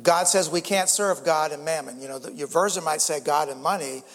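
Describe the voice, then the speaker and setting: Older preacher man, earnest, fairly high. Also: fairly quick, fairly bright tone, big-room sound. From United States. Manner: earnest, repeats words, rises in emphasis. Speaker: pastor. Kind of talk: sermon.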